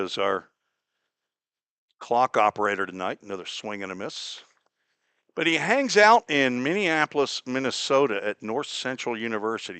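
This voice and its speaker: A man from Cincinnati calling a baseball game play by play, chatty and folksy, drifting into small talk between pitches. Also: sharp tone, no echo. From Cincinnati, Ohio. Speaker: play-by-play announcer. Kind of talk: live baseball radio commentary.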